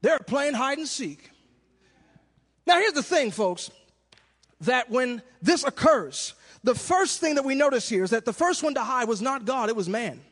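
A male preacher delivering a sermon, swinging from shouted cries to hushed questions in a half-sung preaching cadence. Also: very high voice. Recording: long hall reverb.

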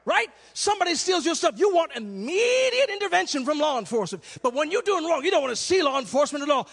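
High-voiced preacher in a reverberant hall. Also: male voice, fast, vocal fry, few pauses. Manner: animated, acts out little scenes, shouts for emphasis. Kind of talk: sermon.

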